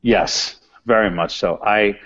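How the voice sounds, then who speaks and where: A man's voice: lowish voice, slow, a bit bright. A man from New York with a New York accent, a restaurant owner talking bluntly and rambling with many restarts in an interview. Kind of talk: casual interview talk. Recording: dull, muffled sound.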